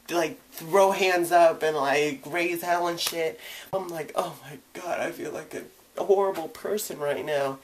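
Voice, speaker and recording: A young man telling his own coming-out story in a vlog, candid and casual, acting out the people he quotes with sudden jumps in pitch and volume. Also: slight background noise. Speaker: vlogger.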